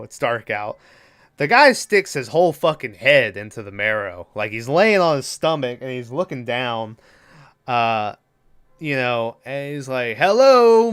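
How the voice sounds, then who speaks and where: A man co-hosting a podcast, casually retelling a movie plot with lots of swearing and quick impressions of the characters. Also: medium pitch, clean tone. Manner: rambling, swears freely, acts out characters' lines. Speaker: podcast co-host. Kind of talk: casual movie recap chat.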